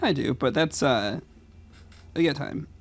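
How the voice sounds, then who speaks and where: A man with a gravelly, fry-laden voice, a little high for a man, chats and reads aloud on a casual podcast. He often stumbles over his words and repeats himself. He laughs often between lines. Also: expressive, measured pace. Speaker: podcast co-host and reader.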